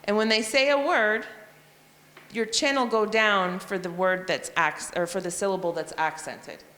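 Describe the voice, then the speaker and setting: A woman teacher walks colleagues through a phonics sequence, spelling out letters and sounding out chunks in an even, explanatory way. Her voice sits at a middle pitch for a woman. The room lends her a long, trailing reverb, like a hall. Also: moderate pace. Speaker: reading teacher. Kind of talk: professional development talk to teachers.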